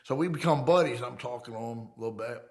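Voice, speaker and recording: A middle-aged man telling his own story in a casual, animated and profane way, acting out the people in it. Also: mid-range voice, fast talker. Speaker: interviewee.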